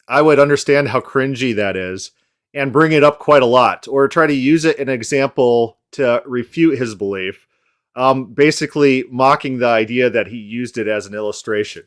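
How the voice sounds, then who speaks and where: A man's voice: medium pitch, moderate pace. A man hosting a casual podcast, commenting sarcastically on a debate clip. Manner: sarcastic, mocking impressions in quotes. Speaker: podcast host.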